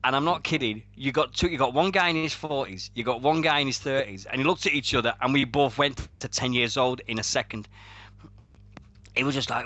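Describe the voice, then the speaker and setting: A man's voice: medium pitch, a little fast. A man, hosting a casual wrestling radio show and telling stories with lots of swearing and laughter. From Sheffield, England. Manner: animated storytelling with heavy swearing and laughter. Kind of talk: casual chat.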